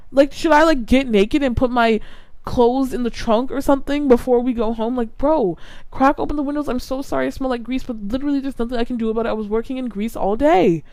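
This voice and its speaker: Exasperated young woman ranting, smooth dry voice. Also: high-pitched, darkish tone, dry recording. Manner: exasperated, lots of "like" fillers. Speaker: podcast host. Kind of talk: casual ranting monologue.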